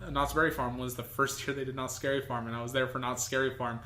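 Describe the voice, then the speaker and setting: A man's voice: medium pitch, level tone, quick pace, bright, forceful tone, echoey room, slight background noise. A man co-hosting a podcast in casual chat, rambling with restarts and fillers. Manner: rambling, many restarts and fillers, laughs easily. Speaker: podcast co-host.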